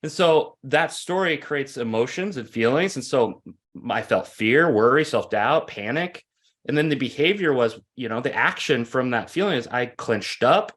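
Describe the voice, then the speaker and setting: A man's voice: medium pitch, normal speed. Earnest man coaching through stories. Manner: earnest, repetitive restarts, animated storytelling. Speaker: guest, coach. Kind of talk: conversational interview storytelling.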